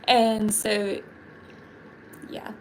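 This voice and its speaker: A woman's voice: mid-range voice, little pitch movement, drawn-out words, darkish tone, a little hiss or hum, low-quality recording. A woman chatting casually on a live stream while painting her nails, giggly and full of fillers. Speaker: livestreaming vlogger.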